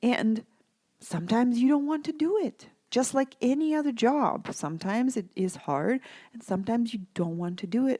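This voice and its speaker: A supportive woman coach speaks straight to mothers in a chatty podcast monologue. Her voice is warm and mellow, and the sound is close and dry with no room around it. She keeps checking in with the listener as she goes. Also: mid-range voice, no room sound. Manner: conversational, repeatedly checks in with "right?" and "okay?"; supportive, reassuring. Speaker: parenting coach and podcast host.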